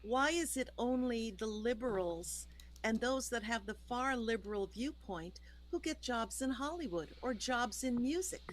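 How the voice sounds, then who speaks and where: A woman's voice: on the high side, lively intonation, measured pace, low-quality recording. A woman songwriter, a guest in a casual interview, speaking in a folksy, emphatic way.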